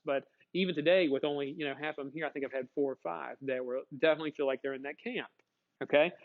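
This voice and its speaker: A man's voice: a little high, narrow, tinny audio. A male teacher giving a conversational classroom lecture, asking the class questions and answering them himself.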